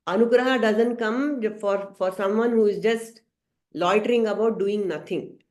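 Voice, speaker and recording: A woman teaching a scripture study class, telling a story gently with some hesitant fillers. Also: mid-range voice, normal speed. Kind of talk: storytelling lesson. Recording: roomy echo.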